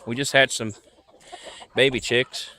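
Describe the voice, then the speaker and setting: A man's voice: medium pitch, flat delivery, measured pace, sharp tone, slight background noise. A man casually showing viewers around his rural property at night in an easygoing, rambling vlog, recorded outdoors on a handheld camera. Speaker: vlogger. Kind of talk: casual walking tour vlog.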